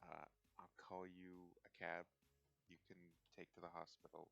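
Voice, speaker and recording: A man playing in a tabletop role-play game, halting and laughing between words. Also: deep voice, monotone, gravelly, fairly bright tone, no room sound, soft background music. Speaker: player.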